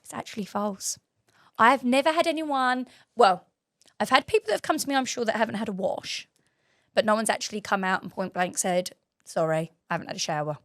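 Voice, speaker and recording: A bubbly woman hosts a casual chat, her voice sitting a little high as she rattles off stories between fits of giggles. The recording is close and dry, with no room sound around her. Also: brisk, no echo. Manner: giggly animated storytelling. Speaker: host and waxing trainer.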